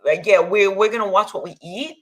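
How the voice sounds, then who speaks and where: A woman from New York, a health and nutrition coach, talking as a guest with casual, energetic enthusiasm. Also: mid-range voice, brisk. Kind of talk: conversational interview.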